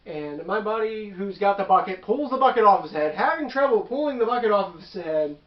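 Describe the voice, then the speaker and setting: A man's voice: high-pitched, expressive, a little fast, reverberant, dull audio. A man casually recounting a tabletop game session as its game master, rambling with asides and self-corrections. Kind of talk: casual storytelling.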